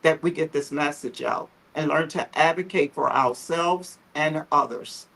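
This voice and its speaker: A heartfelt woman speaks earnestly about her journey, her voice husky and a little breathy. She talks on a livestream video call, often close to tears. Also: low voice, measured pace, fairly bright tone, poor audio. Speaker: founder of a photo therapy group, guest. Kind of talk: livestream conversation, personal story.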